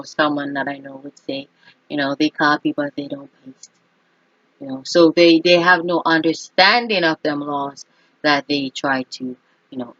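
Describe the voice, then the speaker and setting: A woman with a somewhat low voice delivers an emphatic, opinionated monologue as an astrologer, pressing her points and often checking in with "okay?". The recording is dry and close, with a dull, lo-fi tone. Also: a bit bright, no room sound. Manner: emphatic, keeps asking "okay?". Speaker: astrologer and vlogger.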